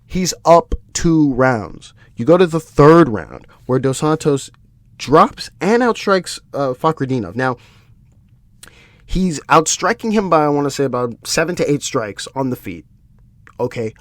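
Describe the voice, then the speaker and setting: A man's voice: medium pitch, lively intonation, a little slow, no echo. A man hosting a solo podcast, ranting with exasperation, swearing and often restarting his sentences. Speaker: podcast host. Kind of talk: solo MMA podcast commentary.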